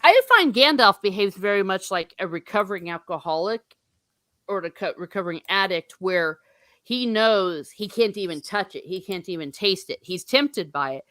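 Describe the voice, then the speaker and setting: A woman's voice: mid-range voice, expressive, moderate pace, fairly bright tone, no echo, clean studio sound. Chatty woman hosting a book discussion. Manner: chatty, lots of likes and laughs. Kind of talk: casual book chat, reading chat aloud.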